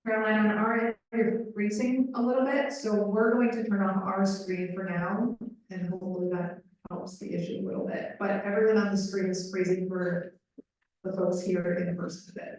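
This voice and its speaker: A woman's voice: mid-range voice, steady tone, moderate pace, a little mellow. Woman voice interpreter for a live panel, conversational with "um"s, heard from far off in a very echoey room. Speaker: sign language voice interpreter.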